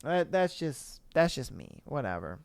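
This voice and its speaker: A man's voice: mid-range voice, huge pitch swings, a little slow, creaky, no echo. A man hosting a podcast, rambling casually in reaction commentary, swearing and laughing often. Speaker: podcast host.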